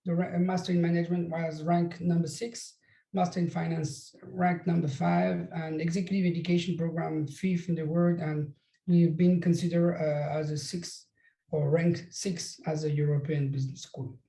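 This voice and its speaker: A man's voice: fairly high pitch, little pitch movement, creaky, dark tone, echoey room, poor audio. Man with a strong French accent. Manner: halting, many pauses and restarts. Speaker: business school recruitment director. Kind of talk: presenting an online info session.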